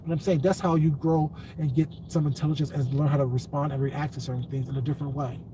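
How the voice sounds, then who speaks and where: A man on a live stream addresses his viewers in a long, blunt lecture that tips into cursing. His voice sits a little high. He is a little away from the microphone, with faint room noise behind him. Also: fairly even intonation, fast. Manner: lecturing, then cursing angrily. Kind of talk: live-stream rant to chat. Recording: distant mic, faint ambient noise.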